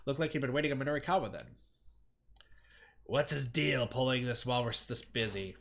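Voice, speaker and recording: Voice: mid-range voice, lively intonation, fairly bright tone, pitched below the performer's own voice. A streamer doing a nasal, pompous theater man. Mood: indignant. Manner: angry, slow, pompous snapping. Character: hot-tempered middle-aged male theater director. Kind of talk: voicing a game character while reading aloud.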